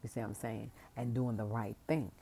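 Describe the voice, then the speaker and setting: A woman's voice: a bass voice, fairly even intonation, brisk, creaky, mellow, husky. Passionate ranting woman, emphatic vlog talk. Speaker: parent venting to camera. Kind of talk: casual vlog rant.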